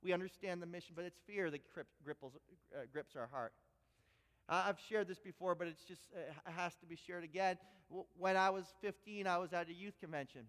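High-voiced male pastor preaching in a hall. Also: fairly quick. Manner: animated storytelling with frequent repeated words. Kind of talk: sermon. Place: church sanctuary.

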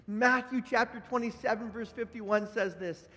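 A man preaching a Good Friday sermon with passion, dropping to a hush and then rising loud. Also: high voice, fairly even intonation, moderate pace, in a large hall. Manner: impassioned preaching, swinging from hushed to loud. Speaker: pastor.

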